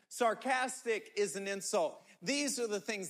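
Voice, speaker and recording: A man's voice: sits high, measured pace, hardly any pauses, a bit bright. A middle-aged man preaching a sermon, emphatic and repetitive, often restarting his words. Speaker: pastor.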